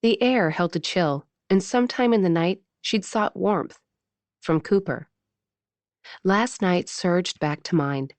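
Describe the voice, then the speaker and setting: A woman narrating a romance audiobook in a measured, intimate reading style on a close mic. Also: fairly low pitch, darkish tone, dry recording.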